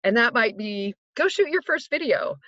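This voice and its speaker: A woman's voice: a little high, lively intonation, normal speed, fairly bright tone, no echo, dull audio. A middle-aged woman telling a casual personal story from her home recording booth, upbeat and chatty with many fillers. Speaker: audiobook narrator and life coach.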